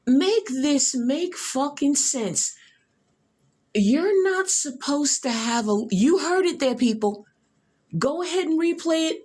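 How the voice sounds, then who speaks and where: A woman's voice: on the high side, darkish tone. A woman hosting a podcast, giving rambling reaction commentary, exclamatory and profane, repeating herself. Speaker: podcast host reacting to a video.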